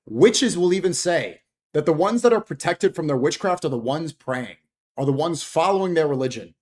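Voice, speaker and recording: A man's voice: a little high, expressive, normal speed, darkish tone. A man delivering an earnest, preachy warning about faith and temptation. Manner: earnest, moralizing.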